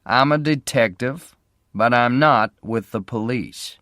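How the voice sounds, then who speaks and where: Man playing a private detective, flat and unfriendly, slow deliberate words, storybook reading, dry sound. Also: mid-range voice, dry recording, voice pushed up. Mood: cold questioning.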